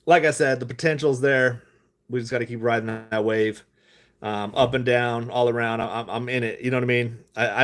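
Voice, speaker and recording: A man rambles on a live stream, swearing freely and laughing at his own tangents. His talk is loose and unhurried, chatty rather than polished. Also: mid-range voice. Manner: loose, profane, laughing asides. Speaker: stock-talk vlogger.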